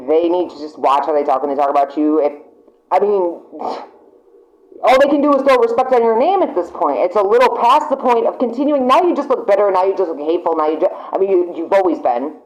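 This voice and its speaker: A woman giving a casual tarot reading to her camera, excitable and chatty, swearing freely and laughing often. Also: fairly low pitch, dull audio. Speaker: tarot reader. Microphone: camera mic.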